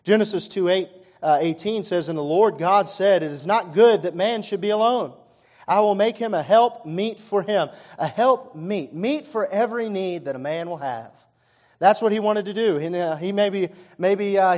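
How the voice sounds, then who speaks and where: A man preaching with a lilt, his voice sitting somewhat high for a man. He talks to the congregation in a loose, conversational way, full of little fillers, then pushes up into loud, emphatic bursts. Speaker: pastor. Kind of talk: sermon.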